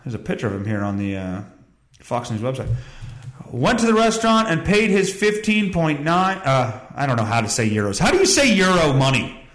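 A man's voice: medium pitch, sing-song, normal speed, fairly bright tone. A man hosting a podcast, rambling through a casual monologue and reading news with a sarcastic, profane manner. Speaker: podcast host. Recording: echoey room.

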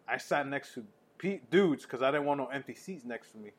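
A man co-hosting a podcast, telling an animated, profane story full of laughter in casual chat. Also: medium pitch, a little fast, breathy edge.

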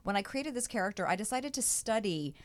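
Woman, actress and comedian, talk show guest, emphatic, middle pitch, dry close sound. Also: animated, fairly quick, no room sound. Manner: earnest, emphatic explaining.

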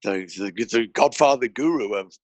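A man talking as a podcast guest, telling an animated story and restarting phrases with repeated words. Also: mid-range voice, normal speed, dry recording. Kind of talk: conversational interview storytelling. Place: indoor studio with a mic.

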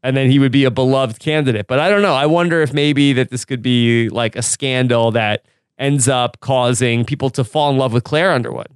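A man's voice: medium pitch, brisk, clear, resonant tone, dry recording, clean studio sound. A man hosting a casual TV recap podcast, chatty and laughing often. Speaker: podcast host.

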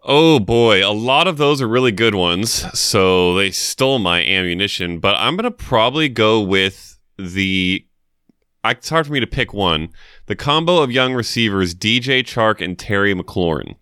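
Bright, smooth-voiced man chatting casually. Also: fairly low pitch, expressive, normal speed, no echo, studio quality. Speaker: podcast co-host. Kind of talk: casual sports chat.

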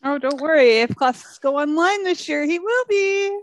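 A woman's voice: high-pitched, animated, normal speed, no room sound. A woman co-hosting a podcast over a remote call, chatting playfully with a teasing, laughing manner. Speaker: podcast co-host. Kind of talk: casual chat. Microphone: headphones over a video call.

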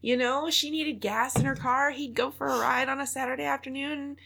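A woman's voice: sits high, fairly even intonation, a little fast, gravelly, fairly bright tone, slightly rough. An American woman hosting a podcast, chatting candidly, laughing easily and swearing casually. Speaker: podcast host. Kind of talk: casual conversation.

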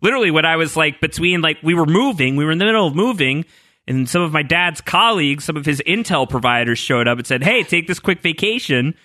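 Animated bright-voiced man recapping TV. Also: on the high side, fast, no room sound, clean studio sound. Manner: animated, acts out quotes, laughs often. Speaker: podcast co-host. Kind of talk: casual TV recap chat.

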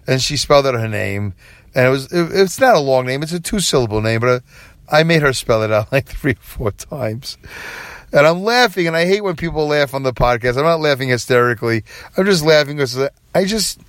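A man's voice: fairly high pitch, fairly quick, dry recording. A man in his forties hosting a podcast, rambling alone with self-deprecating humor and frequent chuckles. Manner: self-deprecating, chuckles often, animated when quoting himself. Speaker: podcast host. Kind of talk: rambling solo podcast monologue.

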